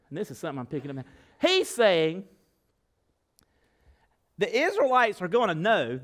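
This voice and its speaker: A male pastor with a notably high voice preaches a sermon in a church sanctuary. His delivery is folksy and animated, jumping between loud bursts and hushed stretches. He keeps turning to the congregation with direct questions.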